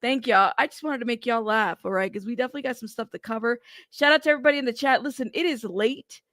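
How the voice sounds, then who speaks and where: A woman's voice: on the high side, fast, a bit bright, dry recording, clean studio sound. A woman from California hosting a casual true crime livestream, chatty and laughing, talking to her chat as y'all.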